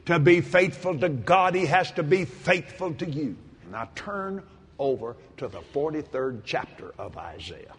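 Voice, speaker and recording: A man preaching a sermon in a folksy, animated way, breaking into shouts and laughter. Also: a little high, measured pace, a little hiss or hum. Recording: long hall reverb.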